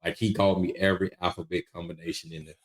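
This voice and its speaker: A man with a very deep, low-pitched voice tells stories as a guest on an interview podcast. His delivery is animated and lively, with frequent restarts in his sentences. He sounds middle-aged, and he talks casually like a veteran producer. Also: very fast, vocal fry.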